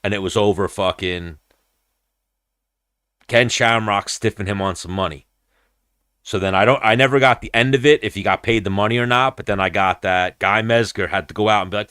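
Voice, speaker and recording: In a clean, echo-free studio recording, a young podcast host chats casually, telling a long and profane story while performing the voices of its characters. His pitch is fairly low and his speed normal, and his tone is bright, forceful and clean. He rambles as he goes.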